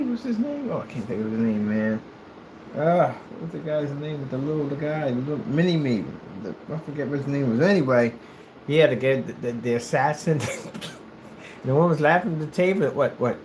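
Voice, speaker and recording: A man from the United States chatting casually while he plays, telling rambling, animated stories in a hyperactive way. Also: medium pitch, slight background noise. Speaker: gaming streamer. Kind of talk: casual chat while playing.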